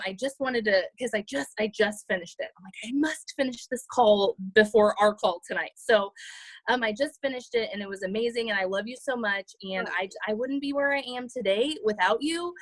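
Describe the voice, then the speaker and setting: A woman on a group call, holding back tears and rambling warmly with many fillers. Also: mid-range voice, no room sound, poor audio. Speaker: team member on a group call. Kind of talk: emotional tribute on a group call.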